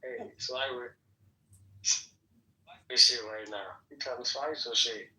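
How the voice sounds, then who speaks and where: A man jokes around with a slow drawl and a bright, sharp tone. He sounds far off, with a roomy echo and a faint hiss behind him. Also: mid-range voice, fairly even intonation. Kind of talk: casual banter. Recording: distant, echoey voice chat, faint noise.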